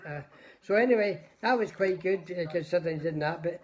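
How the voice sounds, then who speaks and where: An older Scottish man with a high-sitting, darkish voice talks a little fast. On a livestream, he casually tells rambling stories and greets his viewers by name.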